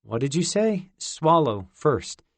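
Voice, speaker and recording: A male narrator voicing a quick-witted boy who bluffs hastily to cover for a friend. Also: a little high, very animated, no room sound, pitched above the performer's own voice, heavily acted. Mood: bluffing. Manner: hasty, bluffing.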